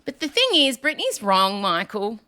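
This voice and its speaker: Woman podcast host, bright tone, animated, laughs often, casual chat. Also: mid-range voice, moderate pace, smooth. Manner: animated, laughing, dramatic readings.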